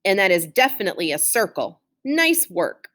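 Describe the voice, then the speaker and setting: A woman voicing a calm, steady young female chick who talks in a dry, level way. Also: medium pitch, moderate pace.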